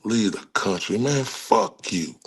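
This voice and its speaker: A man's voice: fairly low pitch, lively intonation, slow. A man with a Texan accent giving angry, profane true-crime commentary and talking straight to his viewers. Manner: angry, cursing, talks to viewers.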